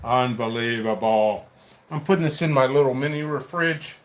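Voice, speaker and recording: A man's voice: a little high, steady tone, a little fast, background noise. Chatty man rambling in a vlog. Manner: rambling, chatty, talks to himself while working. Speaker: pepper seed seller and channel host. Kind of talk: casual solo vlog.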